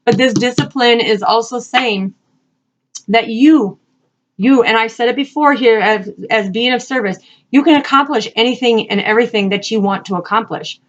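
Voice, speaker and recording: A woman reading spiritual messages, earnest and repetitive, speaking encouragingly and asking spirit questions out loud. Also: fairly high pitch, normal speed, lo-fi sound. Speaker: spiritual reader and channel host. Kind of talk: casual spiritual card-reading talk.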